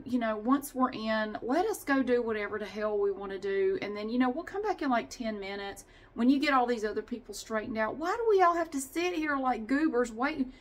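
A woman's voice: fairly high pitch, brisk, hardly any pauses. Chatty ranting woman vlogger. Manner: chatty, ranting and exasperated, with sighs and swearing. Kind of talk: casual vlog monologue.

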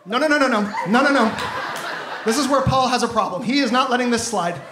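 A man's voice: extremely high pitch, animated, fast, background noise. A man in his thirties doing a stand-up comedy set on a club stage, telling stories in a punchy, exasperated way into a handheld mic. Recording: echoey room with crowd laughter.

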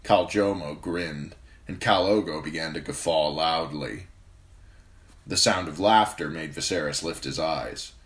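Low-voiced male hobby reader, steady fantasy narration. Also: a little slow. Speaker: amateur audiobook reader. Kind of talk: reading a fantasy novel aloud.

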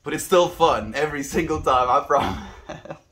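A man's voice: on the high side, moderate pace, a bit bright, a little hiss or hum. A young South African man on a daily livestream, musing earnestly and reading chat messages aloud.

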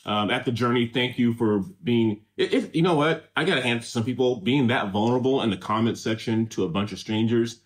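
A man's voice: medium pitch, brisk, hardly any pauses. A middle-aged man from Southern California, co-hosting a casual reaction show and reading viewer comments aloud in an easygoing, rambling way.

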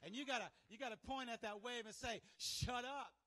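A man preaching a sermon as pastor, energetic and calling for responses from his congregation. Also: extremely high pitch, fast.

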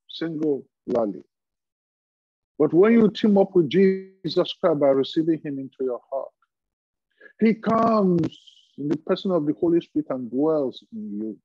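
A man preaching a sermon as pastor, fervent, with repeated phrases and emphatic pauses. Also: a little high, dry recording, highs cut off.

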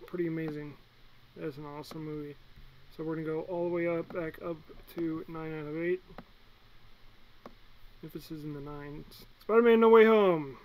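A young man from the United States ranking movies in a casual vlog, blunt and excitable, swinging from loud bursts to muttered asides. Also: a little high, poor audio. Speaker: movie reviewer.

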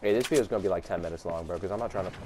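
A young man giving slangy, excitable gameplay commentary, trash-talking opponents as he plays. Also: deep voice, very fast. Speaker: gaming YouTuber. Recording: noisy game audio behind. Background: game sounds.

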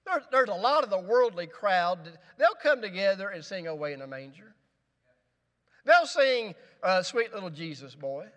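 A man's voice: sits high, very animated, moderate pace, fairly bright tone, big-room sound. A male pastor preaching a sermon in a church, with rising emphasis and rhetorical questions. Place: church sanctuary.

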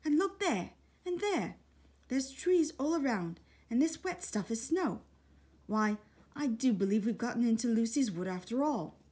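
A woman voicing an earnest older schoolboy who leads his siblings, in a storybook reading with a husky voice. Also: fairly high pitch, animated, a little slow, dark tone, pitched above the performer's own voice. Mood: excited.

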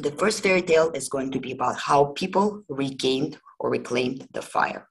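A woman's voice: extremely low pitch, moderate pace, creaky, few pauses, slightly rough, low-quality recording. A woman hosting a history podcast, telling folk tales in a conversational, digressive way. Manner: conversational and digressive, with many fillers. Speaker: podcast host.

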